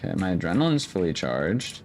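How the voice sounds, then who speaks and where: A man giving relaxed, unbothered commentary while playing a video game. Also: deep voice, fairly quick, soft background music. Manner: laid-back, unbothered remarks while playing. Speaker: gaming channel host. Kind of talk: casual gameplay commentary.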